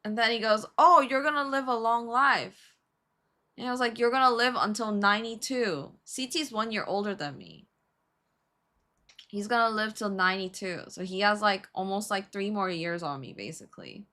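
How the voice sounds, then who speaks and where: A young woman streamer telling a story in a casual, animated way, laughing and swearing as she goes. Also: medium pitch, normal speed. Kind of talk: casual storytelling while building a model kit.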